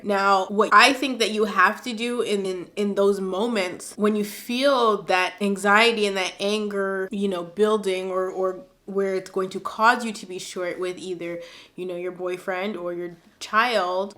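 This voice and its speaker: A woman vlogger chatting casually and emotionally about viewer letters, teary and expressive, with lots of fillers. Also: mid-range voice. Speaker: advice vlogger.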